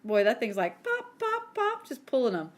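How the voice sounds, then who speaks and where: A woman's voice: on the high side, wildly swooping pitch, normal speed. A woman in her forties co-hosting a podcast, telling stories in a chatty way with lots of "like" and acted-out quotes. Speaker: podcast co-host. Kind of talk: casual chat.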